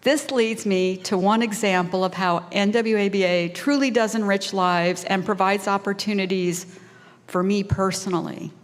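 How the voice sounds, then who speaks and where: A woman's voice: mid-range voice, normal speed. Woman in her sixties, volunteer speaker, heartfelt, emotional, long reverb of a banquet hall. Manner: heartfelt, emotional, tearing up at times. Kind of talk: prepared speech at a fundraising lunch.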